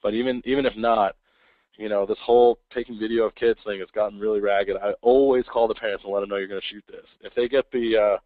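A man giving a casual webinar talk, acting out quick voices of kids and parents. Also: lowish voice, steady tone, dry recording. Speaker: webinar presenter. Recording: tinny phone-like line, dry.

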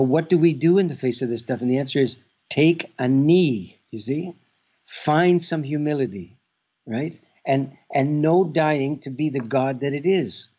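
Husky-voiced man, slow and contemplative. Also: medium pitch, warm tone, dull audio. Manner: measured and contemplative, with stretched pauses. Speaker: guest author. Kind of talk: reflective interview answers. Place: at home, speaking remotely.

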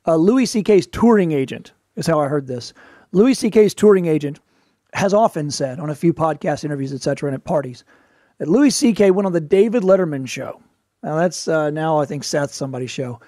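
A man hosting a show, giving casual advice in a wry storytelling way, with quick asides. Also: a little high, animated, mellow, no room sound, clean studio sound. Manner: quick asides and playful put-on voices for quotes. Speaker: podcast host, performer.

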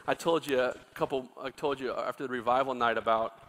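A middle-aged male pastor preaching a sermon, telling a story quietly, then rising into loud, impassioned exhortation. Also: medium pitch, fairly even intonation, a little fast, a little hiss or hum.

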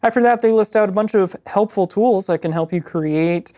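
A man's voice: sits high, normal speed, warm tone. Male co-host, casual, enthusiastic, chatty. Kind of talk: casual tech news show.

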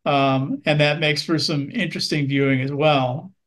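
A male film critic with a slightly high voice gives a measured, earnest review. He often pauses on ums and uhs while weighing his words. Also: fairly even intonation, a bit bright.

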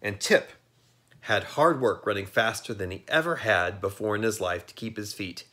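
A man reading a children's storybook aloud in a lively, expressive way. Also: fairly low pitch, moderate pace, slight background noise. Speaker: narrator.

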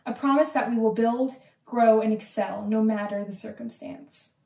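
A woman's voice: fairly high pitch, fairly even intonation, normal speed, vocal fry, mellow. A young woman giving an earnest graduation speech as senior class historian, with touches of light humor. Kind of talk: ceremony speech. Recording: echoey room.

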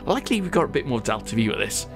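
A man's voice: mid-range voice, big pitch swings, very fast, gravelly, music in the background. A man giving casual, chatty gameplay commentary, laughing often as he reads viewer comments. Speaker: gaming channel host.

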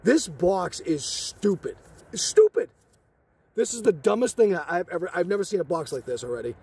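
An excited man hosting a card-opening video, exclaiming and joking in slangy chat, so thrilled he says he is shaking. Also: sits high, brisk, slightly rough. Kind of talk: excited box-opening vlog.

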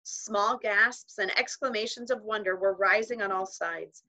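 Bright-voiced woman narrating a children's book. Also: medium pitch, fairly even intonation, poor audio. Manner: measured storytelling with voiced characters. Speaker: audiobook reader.

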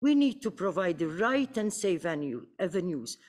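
A woman's voice: fairly low pitch, very animated, moderate pace, a little mellow. Impassioned woman from the Mediterranean. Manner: earnest, rising to urgent appeals. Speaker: panelist. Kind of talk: impassioned panel speech.

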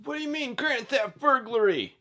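A woman voicing an indignant male fox suspect in a toy play video, protesting in a low put-on voice. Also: lively intonation, moderate pace, sharp tone.

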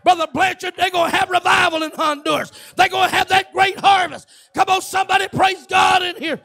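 A man preaching a fervent Pentecostal sermon in a church, shouting and urging everyone to pray. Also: extremely high pitch, fairly even intonation, a little fast, creaky, a faint crowd. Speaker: pastor.

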